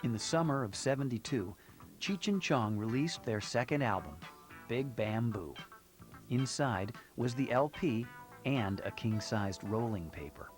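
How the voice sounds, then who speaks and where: A man reading scripted documentary narration in a measured, storytelling way. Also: medium pitch, animated. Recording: narration over loud music.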